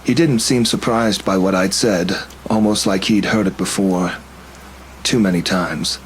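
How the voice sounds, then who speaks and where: A man narrating a first-person horror story in a steady, tense storytelling manner. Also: low voice, a little slow, slight background noise, low-quality recording.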